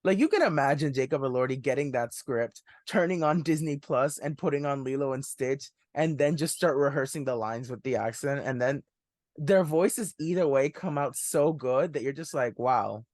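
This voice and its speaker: A man's voice: medium pitch, moderate pace, darkish tone, no echo, clean studio sound. A young man hosting a film review podcast, chatting casually and enthusiastically, often laughing while he talks. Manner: enthusiastic, laughs while talking, says "one hundred percent". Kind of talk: casual movie review chat.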